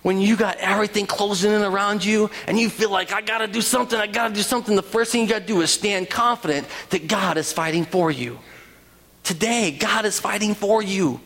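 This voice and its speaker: A man preaching a sermon as pastor, animated, with rhetorical questions and quoted voices. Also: high voice, moderate pace. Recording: long reverb of a large hall.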